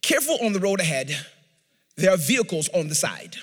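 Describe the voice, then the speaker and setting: A man imitating a calm British female voice from a navigation app, clipped and crisp. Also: fairly high pitch, moderate pace, in a large hall. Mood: announcing.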